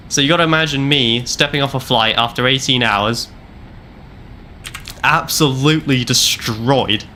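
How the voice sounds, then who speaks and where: A man's voice: medium pitch, pushed and bright, slight background noise. A young man streaming a game, casually telling a long rambling travel story with wry repeats. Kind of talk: casual storytelling while gaming.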